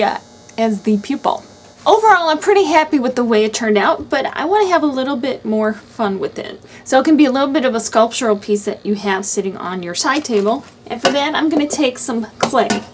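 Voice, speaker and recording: A woman's voice: high voice, a little hiss or hum. A woman hosting a craft channel, talking casually through each step of a do-it-yourself tutorial.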